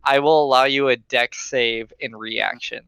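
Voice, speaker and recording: A man's voice: mid-range voice, fairly even intonation, a little slow, vocal fry, pushed and bright, smooth, no echo, poor audio. A young man narrating a tabletop game as game master in a casual way, with many fillers.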